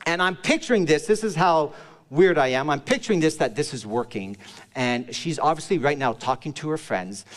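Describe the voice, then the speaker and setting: Male pastor, slightly high voice, playful storytelling sermon, sinks low and soft for the serious points, long church-hall reverb. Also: animated, moderate pace. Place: church service.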